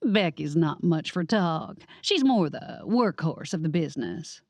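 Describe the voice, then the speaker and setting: A woman's voice: deep voice, lively intonation, unhurried, no room sound, full character voice. Woman doing a sugary baker lady. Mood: sweet. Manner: sugary, vacant, drawling. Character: sweet Southern bakery owner woman.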